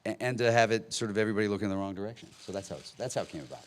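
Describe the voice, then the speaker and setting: Deep-voiced man, dry wry director. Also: racing. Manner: wry, dry understatement with small laughs. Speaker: film director at a press conference. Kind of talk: relaxed press-conference answers. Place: press conference hall.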